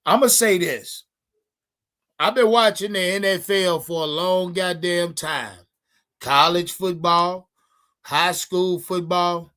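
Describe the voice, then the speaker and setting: A high-pitched man hosts a live sports stream. He talks casually and profanely, calling out to his chat in an animated way. His voice sits well above the usual range for a man. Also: slow pace, clear, resonant tone.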